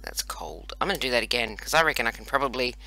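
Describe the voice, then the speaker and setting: A man's voice: medium pitch, very fast, bright, forceful tone. An Australian man around forty, chatting playfully and mocking himself as he plays a video game. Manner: chatty, self-mocking, playful running banter. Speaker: let's play host. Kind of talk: casual gameplay commentary.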